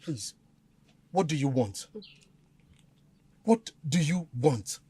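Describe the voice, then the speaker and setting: A man's voice: a little high, animated, slow pace, dark tone, husky, full character voice. An actor playing a frightened young male captive, stammering and begging to be let go. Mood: pleading. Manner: pleading, stammering in fear.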